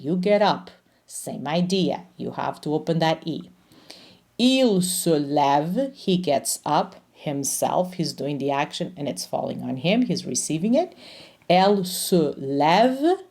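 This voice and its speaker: Woman, French teacher, low voice, mellow tone, patient step-by-step explanations. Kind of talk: grammar lesson.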